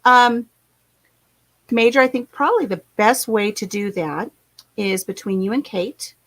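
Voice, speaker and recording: A woman's voice: on the high side, measured pace, fairly bright tone, dry recording, low-quality recording. Chatty folksy middle-aged woman. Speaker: channel host. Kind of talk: casual livestream chat.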